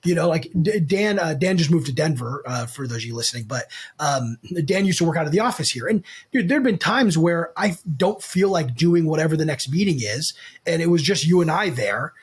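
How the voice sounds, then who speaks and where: A man co-hosting a business podcast, speaking with a rough, raspy edge. His pitch swings widely as he talks. He is blunt and emphatic and swears freely. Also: expressive, brisk. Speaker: podcast co-host. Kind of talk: casual business podcast chat.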